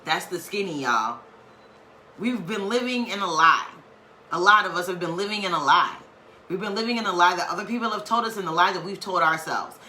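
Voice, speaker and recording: A woman with a bright, forward voice gives a casual spiritual reading, preaching with emphatic slang and playful asides. She sounds like she is in an echoey room with faint noise behind her. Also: fairly low pitch. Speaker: spiritual tarot reader.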